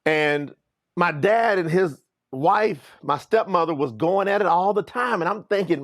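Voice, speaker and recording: Middle-aged man, high voice, animated motivational storyteller speaking to his viewers. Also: measured pace. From Kentucky, US. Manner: animated, talks straight to viewers. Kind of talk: personal storytelling to online viewers.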